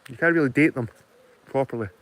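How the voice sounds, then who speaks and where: A man's voice: medium pitch, fast, fairly bright tone. Wry Scottish man walking outdoors. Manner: wry, swearing, joking asides. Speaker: vlogger. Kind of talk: casual walking commentary. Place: outdoors in a wooded glen.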